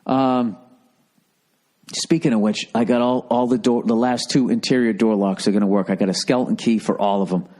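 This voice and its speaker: This man's voice is on the low side and warm, with fairly even intonation and a slightly fast delivery. A middle-aged comedian and podcast host, he swears through a rambling comic rant, sarcastically mimicking people in put-on voices.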